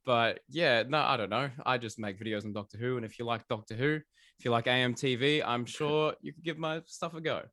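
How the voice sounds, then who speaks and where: A man's voice: mid-range voice, brisk, pushed and bright, no room sound, studio quality. A young Australian man with an Australian accent, a laid-back, slangy podcast guest in casual chat.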